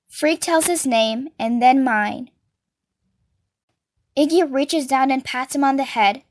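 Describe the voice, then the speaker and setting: A woman's voice: high voice, takes it slowly, pauses often. A woman reading a novel aloud and giving each character a voice of her own. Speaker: reader.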